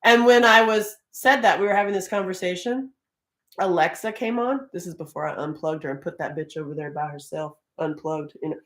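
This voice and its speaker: A middle-aged woman hosting a live stream in casual, animated talk, laughing often. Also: lowish voice, fairly quick. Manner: animated, laughs often, Southern-tinged "y'all".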